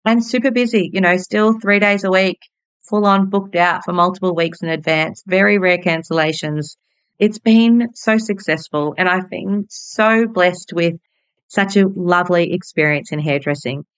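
Telling her own stories in a monologue, this Australian hairdresser and podcast host in her forties is frank and bubbly, letting the odd swear word slip. She speaks at a normal pace in a fairly low, clean voice, captured close-miked and dry without any room sound.

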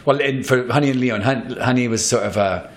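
A man's voice: medium pitch, a little fast. A man who is an actor, telling stories in a casual interview and rambling through restarts. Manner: animated storyteller, rambling with restarts.

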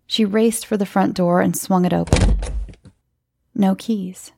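A woman reading a horror story aloud in a slow, measured narration, with faint music behind her. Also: medium pitch, fairly even intonation, gravelly, a little mellow. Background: faint background music.

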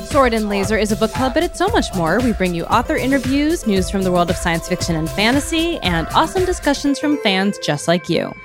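A woman's voice: medium pitch, very animated, brisk, few pauses, over music. A woman co-hosting a book podcast, chatting casually and laughing easily at herself. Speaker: podcast co-host.

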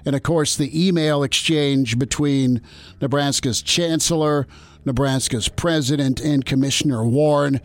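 A man's voice: medium pitch, unhurried, no echo. Man, sports radio host, dry close studio mic, casual talk with fillers. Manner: casual, joking, many fillers.

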